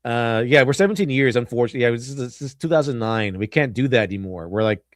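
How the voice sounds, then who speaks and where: A man's voice: mid-range voice, animated, fast talker, dry recording, studio quality. A man hosting a stream, rambling through casual film commentary in a sarcastic tone, full of fillers and restarts. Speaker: stream host.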